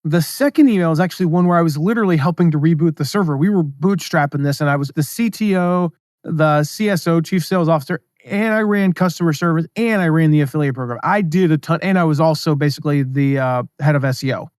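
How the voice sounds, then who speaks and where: A man hosting a solo business podcast, talking casually and reading his own emails aloud with quick asides. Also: fairly high pitch, darkish tone, no room sound, clean studio sound. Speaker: podcast host.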